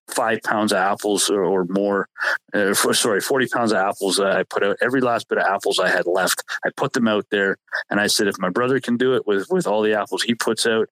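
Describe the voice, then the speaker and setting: Male host, lower register, relaxed rambling storyteller who keeps correcting himself. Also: no room sound, low-quality recording. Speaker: podcast host telling a hunting story. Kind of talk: casual storytelling chat.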